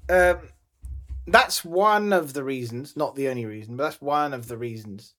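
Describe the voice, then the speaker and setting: A podcast co-host in casual chat, rambling and repeating words while thinking out loud. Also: mid-range voice, normal speed.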